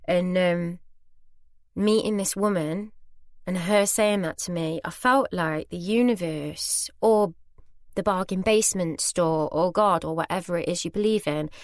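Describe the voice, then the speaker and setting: A woman's voice: on the low side, measured pace, no echo, clean studio sound. A British woman in her thirties hosting a podcast, telling a personal story in a chatty, candid, self-deprecating way. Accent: British English. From Britain. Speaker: podcast host.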